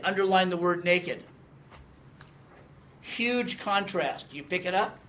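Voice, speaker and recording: A man's voice: high voice, sing-song, slow pace, long pauses, fairly bright tone. A man in his sixties giving a conversational Bible teaching, quizzing the class and reading scripture with emphasis. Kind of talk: teaching sermon with audience questions.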